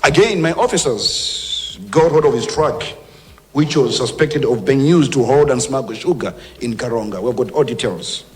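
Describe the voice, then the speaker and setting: A Malawian man speaks as a government minister, firm and emphatic as he lays out warnings. His voice sits in an ordinary middle pitch. It rings with a long reverb, like a large hall. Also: expressive, moderate pace, slight background noise. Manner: emphatic, forceful warnings, switching between English and Chichewa. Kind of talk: public speech to press.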